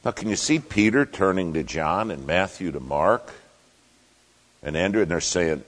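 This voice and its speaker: A man preaching a sermon as pastor, emphatic, swinging between loud declarations and hushed asides. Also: low voice, lively intonation, moderate pace, long reverb tail.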